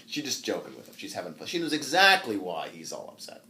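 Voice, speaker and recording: A man's voice: sits low, huge pitch swings, fast, hardly any pauses, sharp tone. A man giving a university literature lecture who retells a story with animation, acts it out, and laughs often. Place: classroom.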